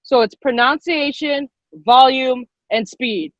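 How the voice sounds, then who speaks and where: A woman leading an online public speaking workshop on a video call, lively and quick-talking, encouraging the participants. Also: high-pitched, no echo. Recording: dull lo-fi video call audio.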